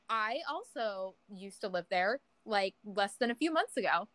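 A young woman co-hosting a podcast, chatting casually and telling an animated story, acting out quoted people with big pitch jumps. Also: normal speed, few pauses, dry recording, low-quality recording. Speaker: podcast co-host. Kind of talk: casual chat.

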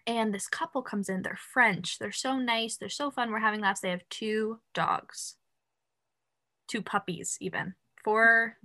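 Telling a story on the podcast she co-hosts, a young woman rambles animatedly and casually, her speech crowded with "like" and fillers. She speaks a little slowly, with a voice on the high side.

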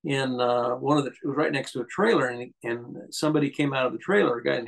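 A man's voice: medium pitch, quick pace, vocal fry, low-quality recording. A man, a guest on an interview show, telling rambling anecdotes with many restarts and fillers. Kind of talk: casual storytelling interview.

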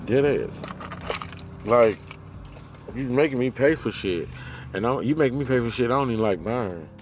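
Heated man venting in a lively voice. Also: moderate pace, background noise. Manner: heated, profane, swings loud and high then drops low. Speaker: vlogger ranting to camera. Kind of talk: profane venting monologue.

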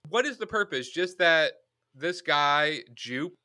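A man's voice: fairly high pitch, slow pace, no echo, studio quality. A man co-hosting a podcast, reviewing a movie in casual chat and acting out quoted lines. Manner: animated, opinionated, acts out quoted lines. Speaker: podcast co-host, film reviewer.

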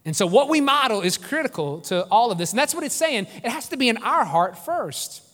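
High-voiced pastor preaching in an echoey hall. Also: male voice, sing-song, fairly quick, fairly bright tone. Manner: earnest, emphatic preaching with repeated phrases. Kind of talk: sermon. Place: church sanctuary.

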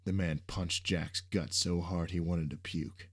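A man reading an action story aloud in steady scripted narration. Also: deep voice, unhurried, husky.

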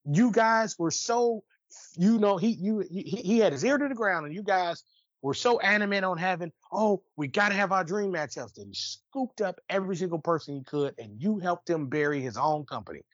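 A man's voice: sits high, moderate pace, no echo, dull audio. A man co-hosting a podcast, ranting in casual chat with lots of swearing and restarts. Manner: animated, swearing, rambling rants with restarts. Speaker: podcast co-host.

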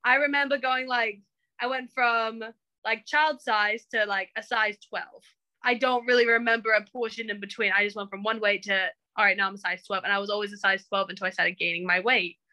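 A woman's voice: medium pitch, fairly even intonation, a little fast, pushed and bright, poor audio. A young woman telling her story to her coach in a casual interview, acting out what she and others said. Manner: chatty, acts out quoted remarks. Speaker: coaching client.

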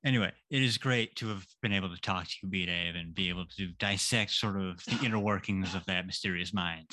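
A man's voice: deep voice, fairly quick, sharp tone, no echo. A man hosting a casual interview podcast, giving short affirmations and wrapping up the show. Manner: brief affirmations, wraps up the show. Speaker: podcast host.

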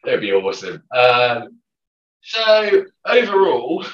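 A man's voice: medium pitch, big pitch swings, takes it slowly. A man co-hosting a podcast in casual chat, upbeat and jokey with hesitant starts. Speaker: podcast co-host. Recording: dull, roomy, distant mic.

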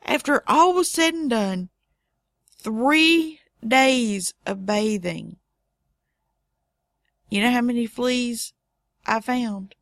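Middle-aged woman telling a story, slow and dry humor, kinda high voice, dead dry sound. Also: gravelly, no echo. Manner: wry, deadpan asides. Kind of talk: casual anecdote telling.

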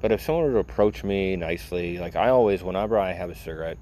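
A man's voice: deep voice, fast, dark tone, a little hiss or hum. A man in a casual vlog, rambling and sarcastic, full of "you know" as he tells a story. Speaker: vlogger. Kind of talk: casual rant.

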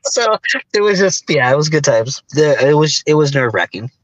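A man with a fairly high voice telling wrestling stories in a relaxed podcast chat. He is animated, acts out other people's lines and laughs often. The sound is dry and close. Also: brisk, dry recording, poor audio. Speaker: wrestler, guest. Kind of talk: casual storytelling interview.

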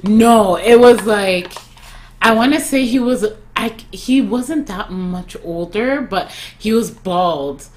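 A young woman, stoned, chatting on a podcast in a lazy, drawn-out way. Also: mid-range voice, lively intonation, a little mellow, a little hiss or hum. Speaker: podcast co-host. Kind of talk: casual chat.

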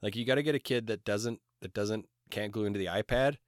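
A man's voice: fairly low pitch, fairly quick, dry recording, studio quality. A man in his thirties co-hosting a podcast, chatting casually with enthusiasm and a fondness for swearing. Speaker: podcast co-host. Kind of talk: casual chat.

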